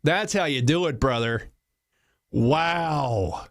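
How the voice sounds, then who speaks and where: A man's voice: fairly high pitch, expressive, slow pace. A male talk show host reading out news stories and joking about them with a wry, laughing delivery. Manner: wry, laughing, slips into mock voices. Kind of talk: solo comedic news commentary.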